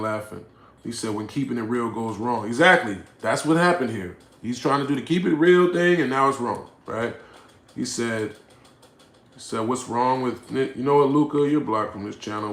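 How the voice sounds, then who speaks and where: Brief: male livestream host, profane and confrontational, mid pitch, roomy echoey room sound. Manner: swings between low mutters and loud outbursts. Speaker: livestream host reading chat. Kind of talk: casual livestream rant.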